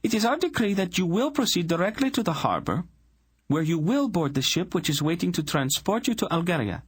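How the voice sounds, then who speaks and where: A man's voice: sits high, big pitch swings, fairly quick, husky, pitched above the performer's own voice, full character voice. A man doing a cold commanding queen. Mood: icy command. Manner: icy, clipped royal commands.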